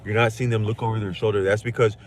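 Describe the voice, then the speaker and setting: A man with a fairly low voice talks casually to his livestream chat. He rambles in loose, slangy speech, circling back and restarting his thoughts. A faint hiss of background noise sits under the voice. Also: flat delivery, fast talker.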